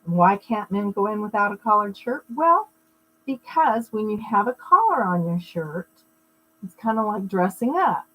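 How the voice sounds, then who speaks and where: A woman's voice: medium pitch, husky, lo-fi sound. Middle-aged woman teaching conversationally. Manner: conversational, explains with personal anecdotes and asides; greets viewers mid-talk. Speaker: spiritual wellness teacher. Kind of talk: live-streamed teaching talk.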